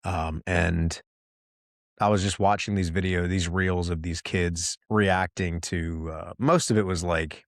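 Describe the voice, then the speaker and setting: A man's voice: deep voice, fairly even intonation, measured pace, no room sound, studio quality. A middle-aged man hosting a solo podcast, talking candidly and rambling with lots of restarts. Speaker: podcast host.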